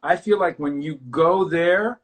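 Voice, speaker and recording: Male talk host, animated and crude, slightly high voice. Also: unhurried. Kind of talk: casual interview chat.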